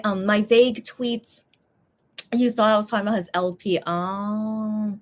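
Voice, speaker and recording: A woman in a casual eating-and-chatting stream, reading her viewers' comments aloud. She rambles and repeats her words, sounding tired and already full. Her voice sits in a middle pitch and jumps up with excitement now and then. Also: measured pace.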